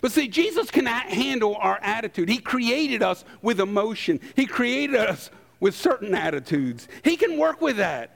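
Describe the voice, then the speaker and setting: A man preaching a sermon, emphatic, acting out quotes and pausing for effect. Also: sits high, sing-song, gravelly, a bit bright. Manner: emphatic, acts out quotes, dramatic pauses.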